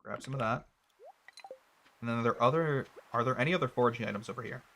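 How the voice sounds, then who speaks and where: Chatty young man thinking out loud. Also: mid-range voice, fast, a little hiss or hum. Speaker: gaming streamer. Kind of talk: casual let's-play commentary.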